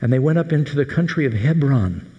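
Animated, high-voiced preacher in an echoey hall. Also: male voice, quick pace, dull audio. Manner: animated, humorous storytelling. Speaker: pastor. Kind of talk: sermon.

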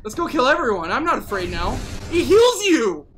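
A male gaming host giving live gameplay commentary, excitable, whooping and playfully taunting opponents. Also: very high-pitched, normal speed, a little hiss or hum.

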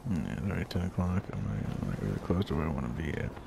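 A young man hosting a gaming video, giving casual commentary while he plays and loudly swearing at opponents. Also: rumbling low, sing-song, racing, gravelly. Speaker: gaming channel host. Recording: noisy home recording with game clicks.

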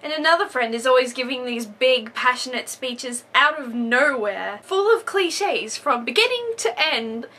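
A woman with a high voice talks straight to camera in a casual vlog. Her tone is bright and edgy, and she is wry and teasing throughout. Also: lively intonation, measured pace, few pauses. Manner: wry, teasing, playfully sarcastic. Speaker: vlogger. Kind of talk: casual comedic monologue.

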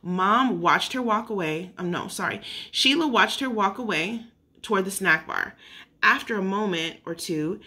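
A woman's voice: medium pitch, bright, forceful tone. A woman reading a children's story aloud, unpolished, with occasional slips and self-corrections. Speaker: narrator.

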